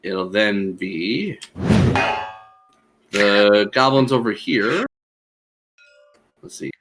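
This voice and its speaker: A man running a tabletop game as game master, narrating the action in a lively way. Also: lowish voice, very slow, noisy background.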